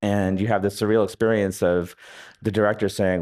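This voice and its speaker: A very low-pitched man speaks on a festival stage in front of an audience. He tells long, wry stories that wander, full of pauses and small restarts, in an easygoing interview tone. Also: flat delivery, darkish tone. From United States. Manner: wry, rambling anecdotes with many hesitations. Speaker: author being interviewed. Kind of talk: live onstage interview.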